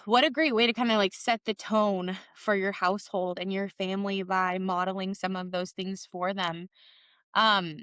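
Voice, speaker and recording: Bright, chatty woman podcast host. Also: medium pitch, clean tone, no room sound, studio quality. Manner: upbeat, chatty storyteller. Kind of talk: interview conversation.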